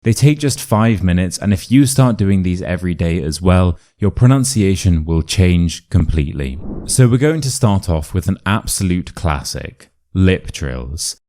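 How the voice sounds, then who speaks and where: A man with a British RP accent teaching pronunciation in an upbeat, clear instructional video lesson. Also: low-pitched, lively intonation, a little slow, few pauses, warm tone. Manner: clear, upbeat, demonstrating sounds.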